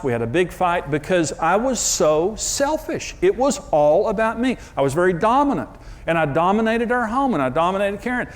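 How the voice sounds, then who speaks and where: A man giving a conversational sermon on marriage, earnest and emphatic, telling stories about himself with self-deprecating candor. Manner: earnest, emphatic storytelling with sudden pitch jumps. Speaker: marriage teacher and TV host.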